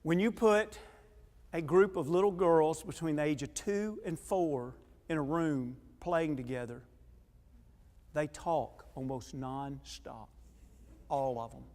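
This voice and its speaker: A man preaching a sermon in a church, telling lively personal stories and acting out quoted voices, then turning earnest. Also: on the high side, slow pace. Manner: animated storyteller, acts out quoted voices, drops quiet and earnest later. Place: church auditorium. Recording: echoey church hall.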